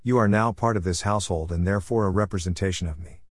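A man's voice: deep voice, quick pace, dry recording, clean studio sound. A man voicing a stiff, formal master of the house in a story reading.

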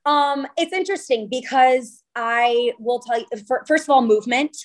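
A woman in her thirties from California, a venue owner and wedding designer, talking in a casual interview with chatty, animated storytelling. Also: high voice, normal speed, low-quality recording.

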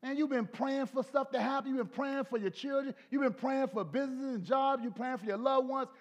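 A middle-aged male pastor preaching a folksy sermon, swinging from low soft asides to shouted peaks. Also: fairly quick, muffled recording. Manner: folksy, talks to the congregation.

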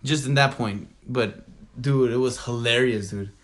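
A man's voice: mid-range voice, a little slow, fairly bright tone. A young man co-hosting a casual podcast, rambling with lots of fillers and frequent laughter. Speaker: podcast co-host.

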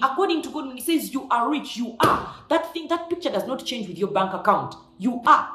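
Animated woman preaching in an echoey room. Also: on the high side, brisk, hardly any pauses. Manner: emphatic, repeats key lines for effect. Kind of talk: devotional preaching.

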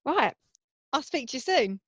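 A woman's voice: sits high, sing-song, unhurried, fairly bright tone, slightly rough, no echo. A woman hosting a podcast, bantering playfully with her guest. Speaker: podcast host. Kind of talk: casual interview chat. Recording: dull, dry lo-fi sound.

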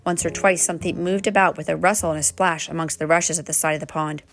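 A woman reading a children's storybook aloud, gently, turning now and then to talk to the children. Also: low voice, fairly even intonation, quick pace. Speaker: storybook reader.

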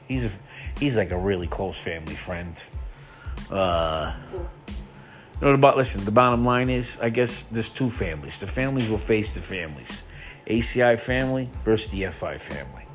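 Low-voiced, foul-mouthed male podcast host. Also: expressive, moderate pace, faint music behind. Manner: profane, mocking, rambling. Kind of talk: casual trash-talk podcast monologue.

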